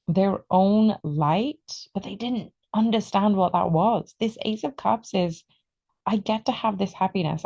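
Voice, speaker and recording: A woman giving an excitable, emotional tarot reading, stretching out her words for emphasis. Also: on the low side, gravelly, dull audio. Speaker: tarot reader.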